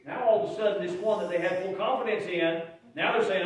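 A man preaching a sermon as pastor, telling folksy stories and swinging from quiet asides to loud shouts. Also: sits high, fast, a little hiss or hum. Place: church sanctuary. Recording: very echoey church hall, mic far off.

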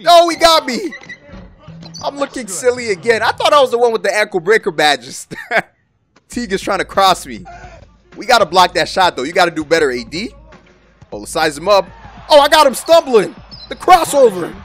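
A young man giving excited, trash-talking commentary over his own basketball video game play. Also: sits high, moderate pace, long pauses. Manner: hyped, exclaiming, trash-talking. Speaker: gaming YouTuber. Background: background music.

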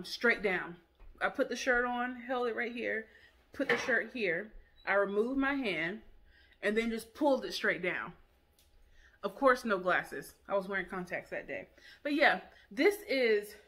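A woman's voice: a little high, pushed and bright. A woman hosting a casual product review vlog, chatty and enthusiastic, talking straight to her viewers.

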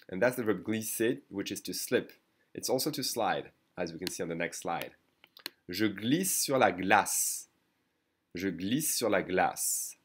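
A man teaching a lesson in English, explaining patiently and repeating phrases slowly while checking in with "okay?" and "d'accord?". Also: low-pitched. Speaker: French teacher. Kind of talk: online language lesson.

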